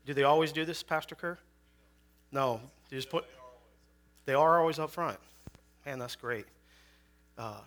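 Guest-preaching with his own testimony, a forties-aged man from Chicago keeps things conversational, tossing in jokes on the side and many filler words. He has a medium-pitched, somewhat bright voice.

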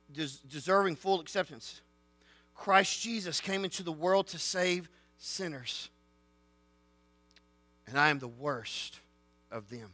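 A man preaching a sermon, swinging between loud declarations and hushed storytelling. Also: fairly high pitch, no room sound. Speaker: pastor.

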